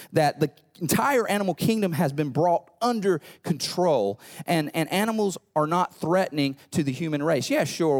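A man preaching a sermon as pastor, animated, repeating himself and asking the congregation rhetorical questions. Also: medium pitch.

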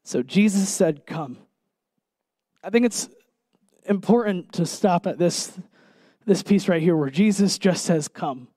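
High-voiced man preaching a sermon. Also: dark tone, dry recording. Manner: earnest, emphatic preaching with pauses and direct questions to listeners.

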